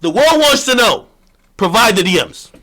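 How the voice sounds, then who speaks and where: A man with a high, animated voice rants on his own, mocking and boastful. His tone is bright and sharp, and he swings between loud taunts and low muttered asides. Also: moderate pace. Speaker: streamer. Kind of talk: ranting monologue.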